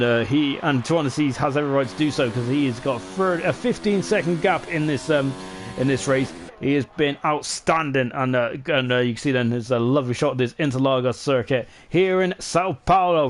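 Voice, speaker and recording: A man doing live sim racing commentary, chatty and excitable, with lots of fillers and tag questions, who rises into shouts at the finish. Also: mid-range voice, a little hiss or hum. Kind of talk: live esports race commentary.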